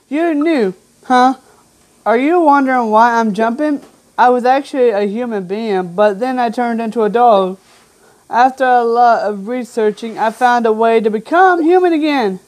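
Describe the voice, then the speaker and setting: A woman's voice: a little high, a little mellow. A woman giving casual gameplay commentary, reading game text aloud with chatty, offhand asides. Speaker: gamer.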